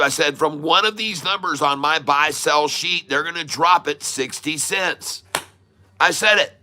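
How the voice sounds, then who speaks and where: Forceful, bright-voiced man commenting on stocks. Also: a little high. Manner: emphatic and repetitive, laughs often, addresses viewers as folks. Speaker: day-trading streamer. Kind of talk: casual livestream stock commentary.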